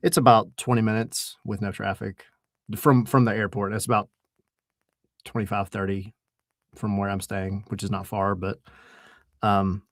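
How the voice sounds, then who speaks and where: A man co-hosting a casual sports podcast, relaxed and rambling, saying y'all. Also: on the low side, normal speed, pauses often, no room sound, clean studio sound. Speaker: podcast co-host. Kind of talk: casual chat.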